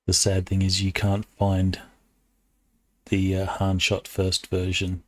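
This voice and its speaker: A man running a tabletop game session, talking casually in a relaxed way, with frequent hesitant fillers. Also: low-pitched, slow pace. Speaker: game master.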